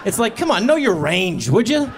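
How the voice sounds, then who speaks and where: A man in his thirties works a stand-up set, his delivery deadpan and conversational. His voice sits fairly high. A faint background noise runs under the stage mic. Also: normal speed. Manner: deadpan, conversational storytelling with acted-out asides. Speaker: stand-up comedian. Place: comedy stage before a live audience.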